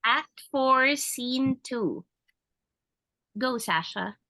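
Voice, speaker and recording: A middle-aged woman, a mother, quietly prompting her children as they read through a play at home. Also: sits high, expressive, drawn-out words, no echo.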